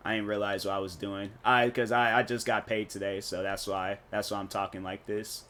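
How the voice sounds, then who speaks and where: Male gaming streamer, bright tone, rambly and jokey, loose slang between moves. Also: lowish voice, flat delivery, fairly quick, a little hiss or hum. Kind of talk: casual live-stream chat while playing.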